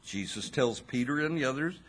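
A man preaching a sermon, slow and expressive, with dramatic pauses and wry asides to his listeners. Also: mid-range voice, breathy edge.

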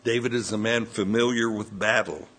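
A man preaching a sermon, slowly retelling a scripture story and voicing its quoted dialogue. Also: lowish voice, fairly even intonation, fairly bright tone, breathy edge. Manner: slow, measured retelling with quoted dialogue and self-corrections.

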